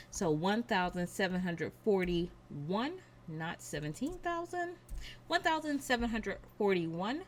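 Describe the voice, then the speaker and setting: A woman hosts her craft channel and announces the winners of a viewer giveaway. She speaks in an unhurried, deliberate way, reading each name and number with care. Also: lowish voice, slight background noise. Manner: slow and deliberate, reading out names and numbers carefully.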